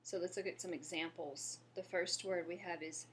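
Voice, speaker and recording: A woman from Louisiana teaching a French lesson, patiently explaining and pausing to have listeners repeat after her. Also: on the low side, fairly even intonation, slight background noise. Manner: patient, slows down to model pronunciation and asks viewers to repeat. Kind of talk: language lesson.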